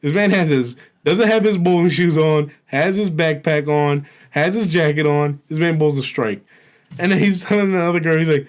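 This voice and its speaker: A young man co-hosting a podcast, telling a story in casual chat, animated and profane, laughing as he goes. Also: a little high, moderate pace. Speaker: podcast co-host.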